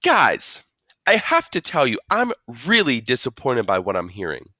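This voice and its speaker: A man's voice: mid-range voice, huge pitch swings, moderate pace, bright, forceful tone, dry recording, clean studio sound, heavily acted. A man voicing a firm, scolding mother in a storybook read-aloud. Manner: scolding, lecturing.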